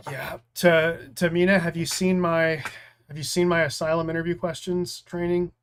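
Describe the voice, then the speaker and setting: A man's voice: fairly high pitch, flat delivery, moderate pace, clean tone. A man from the United States with an American accent, hosting a live training stream, reading out viewer comments and answering them in a loose, rambling way. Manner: rambling, full of restarts and fillers.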